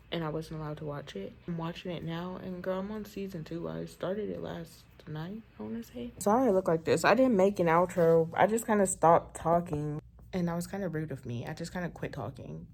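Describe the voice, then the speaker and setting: A woman's voice: on the low side, brisk, vocal fry, darkish tone, rough recording. A nineteen-year-old woman and new mother, chatting casually and candidly on her vlog in rambling, slangy talk at home. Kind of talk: casual chat.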